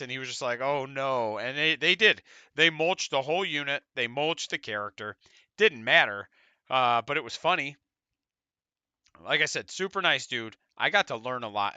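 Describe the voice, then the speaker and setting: A man with a very bright, crisp voice tells a story in an easygoing, chatty way, full of fillers. He sits close to the mic in a dry, dead room, his voice a little higher than most men's. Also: no room sound. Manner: chatty and easygoing, full of fillers, quotes opponents in quick impressions. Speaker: podcast host recounting a tournament. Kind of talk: casual storytelling.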